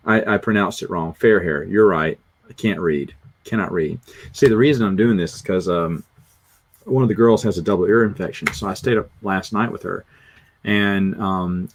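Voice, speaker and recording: A middle-aged man with a Southern US accent, chatting casually and rambling through stories on a livestream in a self-deprecating way. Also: lowish voice. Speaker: livestream host. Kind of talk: casual rambling chat, reading comments.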